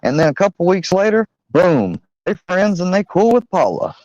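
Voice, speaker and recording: A man's voice: high voice, very animated, normal speed, a little mellow, no room sound. A man hosting a livestream chat who rants and swears, recorded on dull lo-fi audio. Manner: ranting, swearing.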